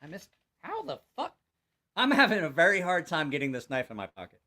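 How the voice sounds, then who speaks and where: Host, male, slightly high and bright voice, animated, swears a lot and cracks himself up. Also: fairly quick. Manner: laughs at his own jokes, swears freely; animated joke telling. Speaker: channel host. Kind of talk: casual livestream storytelling.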